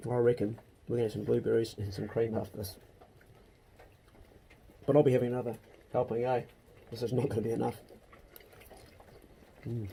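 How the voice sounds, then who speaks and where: A man's voice: medium pitch, level tone, a little fast, creaky, pauses often, dark tone, a little hiss or hum. A man with a New Zealand accent, chatting casually and jokily as host of his home vlog. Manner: easygoing, jokey, matey slang. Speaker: channel host.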